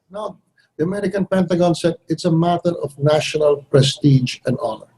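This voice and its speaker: Blunt husky man with a wry tone. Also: on the high side, expressive, moderate pace, mellow, low-quality recording. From Philippines. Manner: blunt, wry, acts out others' lines with shifts in voice. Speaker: foreign minister, guest. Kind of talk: candid interview answers.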